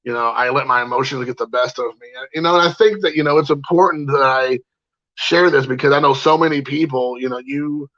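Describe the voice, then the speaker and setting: A man's voice: medium pitch, brisk, a bit bright, no echo, highs cut off. A man telling a personal story in a casual monologue, rambling with lots of "uh" and restarts. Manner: rambling, many fillers and restarts.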